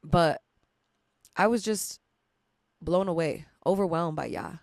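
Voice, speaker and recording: Low-voiced young woman, chatty podcast host. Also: slow, darkish tone, no room sound, studio quality. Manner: chatty and emotional, laughs often, swears casually. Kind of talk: casual rambling storytelling monologue.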